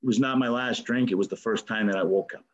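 A man's voice: fairly low pitch, quick pace, muffled recording. A man giving an earnest, emotional personal testimony at a recovery meeting. He often stammers and restarts his sentences and swears casually. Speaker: speaker sharing a recovery story.

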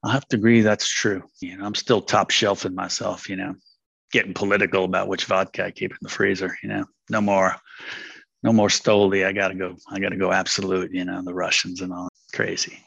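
Low, flat-voiced older man. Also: a little fast, vocal fry, husky, no room sound. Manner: candid, rambling, many "you know" fillers. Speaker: speaker sharing at a recovery meeting. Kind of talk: personal testimony.

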